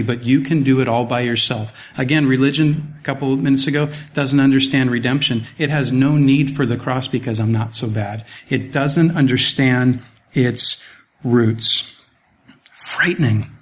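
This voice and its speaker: Preaching through a passage of scripture, this pastor is animated, tossing out rhetorical questions and sarcastic remarks. For emphasis he sometimes lowers his voice to a soft, quiet register.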